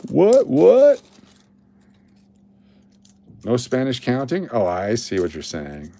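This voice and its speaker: A man's voice: fairly low pitch, lively intonation, normal speed, a little mellow. A man hosting a coin roll hunting livestream, rambling, joking and answering his chat as he works. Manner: rambling, jokey, talks to chat.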